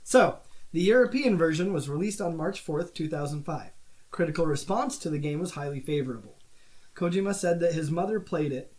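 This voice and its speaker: A man's voice: fairly high pitch, expressive, fairly quick, a little mellow. A man co-hosting a podcast, reading out notes in a casual way with joking asides. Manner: reads facts, breaks into laughs and jokes. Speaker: podcast co-host.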